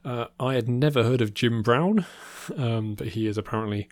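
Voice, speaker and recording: A man's voice: mid-range voice, moderate pace, no room sound. A man co-hosting a podcast, chatting casually about films with many ums and restarts. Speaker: podcast co-host. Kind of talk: casual film review chat.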